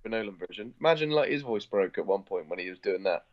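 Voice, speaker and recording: A man's voice: lowish voice, lively intonation, quick pace, lo-fi sound. A man with a Bristol accent co-hosting a podcast, rambling and teasing in casual chat. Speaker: podcast co-host.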